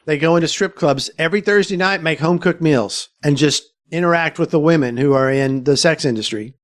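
High-voiced man telling stories animatedly. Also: a little fast. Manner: animated, quotes others, frequent restarts. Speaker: filmmaker guest. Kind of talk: conversational interview storytelling.

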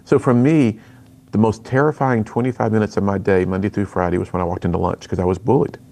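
A man's voice: fairly low pitch, steady tone, quick pace, creaky, darkish tone. A middle-aged man, a speaker and author, telling his personal story earnestly in an interview.

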